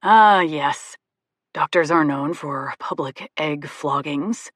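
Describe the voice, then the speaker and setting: A woman's voice: low-pitched, slow, a bit bright, no room sound, studio quality, exaggerated voice. A woman doing a smug, teasing young male doctor.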